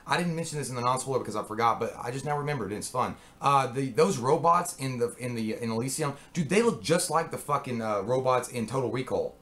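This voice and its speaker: Male movie-review co-host, casual and profane, fast talker, mid pitch. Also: expressive, a bit bright. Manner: rambling and profane, with frequent restarts.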